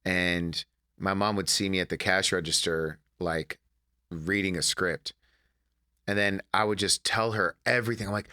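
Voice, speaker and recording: A comedian from Detroit in a casual interview, telling animated family stories. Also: male voice, lowish voice, normal speed. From Detroit, USA. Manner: animated storyteller, acts out his mother's lines. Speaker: comedian guest.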